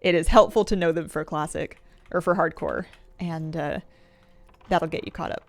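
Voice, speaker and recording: With a low-pitched voice at normal speed and no echo, a female streamer chats casually while gaming. She thinks out loud and laughs often throughout her commentary.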